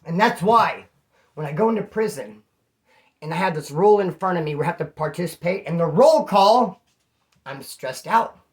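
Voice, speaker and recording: A man's voice: a little high, animated, moderate pace. Slangy man telling prison stories. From California. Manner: slangy, rambling, calls listeners homeboy. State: throat issue, slightly hoarse. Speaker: vlogger. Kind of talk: casual storytelling to camera.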